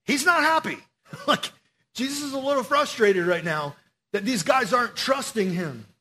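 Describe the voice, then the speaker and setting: A man preaching a casual sermon to young people, slangy and animated as he tells the story. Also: extremely high pitch, moderate pace.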